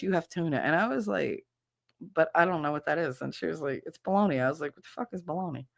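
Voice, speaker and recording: A woman streamer chatting casually while she works, telling animated stories, laughing often and acting out the people she quotes. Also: on the low side, no room sound, studio quality. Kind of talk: casual chat while doing a task.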